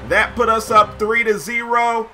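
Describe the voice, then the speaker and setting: A young man giving jokey, excited commentary over his own baseball video game play, shouting at big plays. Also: very high voice, measured pace, faint music behind. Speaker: gameplay commentator.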